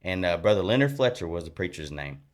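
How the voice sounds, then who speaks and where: A man sharing his personal faith testimony as a podcast guest, earnest and animated, talking in a colloquial, rambling way with many restarts. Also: low-pitched, quick pace.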